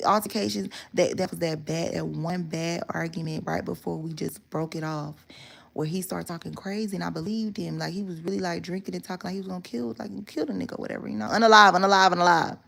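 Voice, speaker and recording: A woman's voice: lowish voice, fairly even intonation, quick pace, gravelly. A woman talking straight to her viewers in a casual story time monologue, candid and rambling, with plenty of swearing. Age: adult. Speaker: vlogger telling a story.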